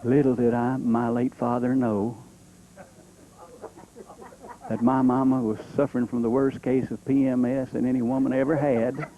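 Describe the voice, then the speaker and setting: A man playing a folksy country-boy character, telling a comic monologue in a deadpan drawl. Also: mid-range voice, a little fast, phone-quality sound, close to an everyday voice. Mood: droll. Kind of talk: stand-up comedy monologue.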